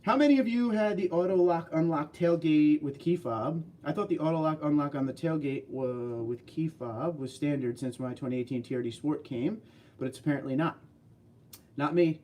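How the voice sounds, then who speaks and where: A man's voice: a little high, a little mellow, distant mic. A man hosting a casual livestream, chatting loosely and answering viewer questions as they come in. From California. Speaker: livestream host. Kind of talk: casual livestream chat reading viewer comments.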